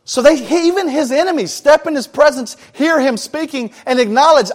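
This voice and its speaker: High-voiced male preacher, conversational. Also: brisk, hardly any pauses. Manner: conversational, with casual slang asides. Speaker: pastor. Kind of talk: sermon.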